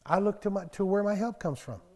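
Folksy older preacher in an echoing hall. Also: male voice, high-pitched, brisk. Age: 60s. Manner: folksy, storytelling, bursts of loud emphasis on scripture. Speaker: pastor. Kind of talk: conversational sermon.

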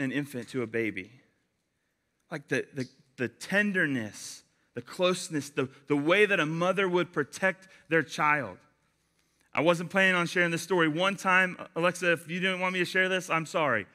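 A young man giving a casual youth sermon, chatty and animated, telling stories with lots of fillers. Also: a little high. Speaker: youth pastor.

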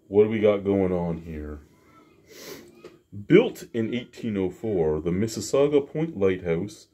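Husky man, chatty beer review. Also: sits low, darkish tone. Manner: joking, rambling, self-deprecating. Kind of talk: casual beer review to camera. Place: home basement.

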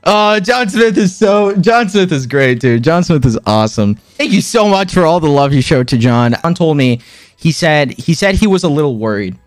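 Young male streamer, excitable and profane, lively high voice. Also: moderate pace, no room sound, studio quality. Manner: excitable, swearing, laughing often. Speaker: streamer host. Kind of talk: casual live-stream chat.

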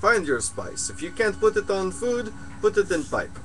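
A man voicing a solemn mystic guru who speaks broken English and drops his articles, pausing with slow "uh"s in an improvised comedy sketch. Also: sits high, very animated, slight background noise, voice pushed up, rough recording. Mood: preachy.

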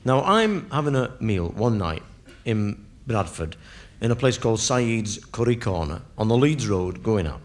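A man, a stand-up comedian telling a story in a conversational, punchy way and checking in with the crowd. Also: fairly low pitch. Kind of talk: live comic storytelling.

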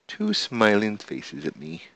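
A man casually commenting on his own gameplay, excitable and talking to the animals and monsters he meets. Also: lowish voice, slow pace, vocal fry, no room sound. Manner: excitable, talks to the animals and mobs in the game. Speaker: gamer. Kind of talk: casual let's-play commentary. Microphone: desk microphone.

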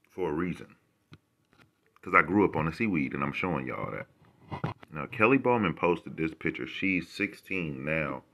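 A man's voice: extremely low pitch, pushed and bright. A man vlogging to camera, ranting casually with rambling, profane and sarcastic remarks.

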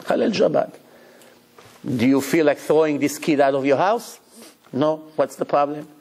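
A rabbi giving a Torah lecture, animated and acting out little dialogues as he preaches. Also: normal speed, gravelly. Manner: animated, acts out dialogue with big pitch swings.

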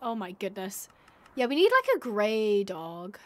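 A woman's voice: mid-range voice, huge pitch swings, unhurried. A young woman streaming a game live, chatting to viewers and gushing and squealing over cute animals.

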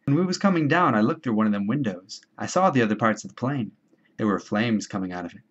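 A man's voice: fairly low pitch, expressive, fast talker, husky, highs cut off. A man voicing an anxious, chubby schoolboy with asthma and glasses who talks ungrammatically and eagerly, in a storybook reading. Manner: fretful, ungrammatical, eager to please.

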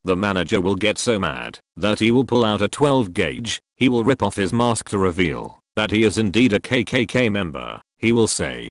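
Low-voiced man in giggly crude monologue. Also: big pitch swings, normal speed, hardly any pauses, no echo, clean studio sound. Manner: gleeful, giggling, sing-song chants. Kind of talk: crude comic monologue in character.

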